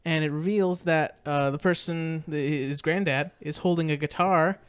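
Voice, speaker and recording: A man's voice: on the high side, steady tone, moderate pace, clear, resonant tone. A man co-hosting a podcast, recapping a movie in casual chat, rambling with lots of fillers and restarts. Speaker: podcast co-host.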